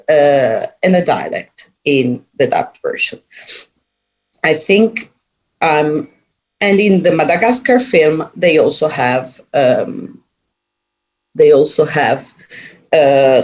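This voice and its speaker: Hesitant speaker giving an academic talk. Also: mid-range voice. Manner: hesitant, frequent fillers and restarts. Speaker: academic presenter. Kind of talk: recorded conference talk.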